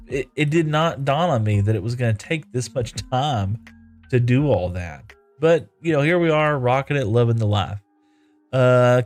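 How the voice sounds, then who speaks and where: Chatty man live-streaming a game. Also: mid-range voice. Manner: chatty, reads viewer comments aloud, thanks viewers. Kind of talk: casual live-stream chat while playing.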